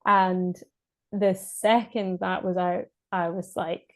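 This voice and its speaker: A Scottish woman recounts her story as a podcast guest in relaxed, unscripted speech. She hesitates a lot and restarts her sentences, with laughs slipping in. Her pitch stays fairly level and even throughout. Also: takes it slowly. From Scotland. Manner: hesitant, many fillers and restarts, laughs often. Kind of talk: casual spoken birth story.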